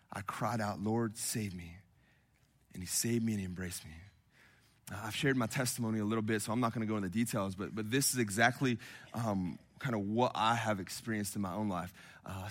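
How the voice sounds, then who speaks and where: Bright-voiced preaching man. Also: mid-range voice. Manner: impassioned preaching, swelling from hushed to loud. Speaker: pastor. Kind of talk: sermon. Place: church hall with congregation.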